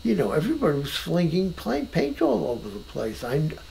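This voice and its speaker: An older man, a painter, talking at home about art in an animated and emphatic way, often restarting his sentences. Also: a little high, fairly quick, creaky, slight background noise, low-quality recording. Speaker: painter being interviewed. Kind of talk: casual conversation. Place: his own house.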